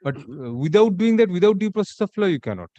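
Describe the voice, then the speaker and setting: Male judge, Indian English accent, firm and interrupting, fairly high voice, dry dull sound. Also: big pitch swings, dark tone, dry recording. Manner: firm, quick and interrupting, with small stumbles. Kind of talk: courtroom hearing. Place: courtroom. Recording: dull livestream audio.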